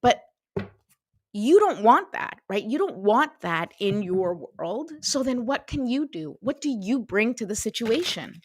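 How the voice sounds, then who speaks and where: A woman's voice: fairly high pitch, very animated, a little slow, no room sound. Chatty woman giving a pep talk. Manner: chatty, lots of "right?" and acted-out dialogue. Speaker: host. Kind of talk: motivational talk to camera.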